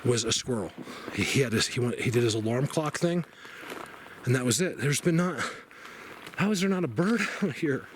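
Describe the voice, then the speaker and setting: A man vlogging while hiking in a forest, out of breath, rambling and excitable, sometimes dropping to a whisper. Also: mid-range voice, normal speed, a little hiss or hum. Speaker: outdoor vlogger searching for Bigfoot. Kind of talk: casual walking vlog to camera. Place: forest outdoors.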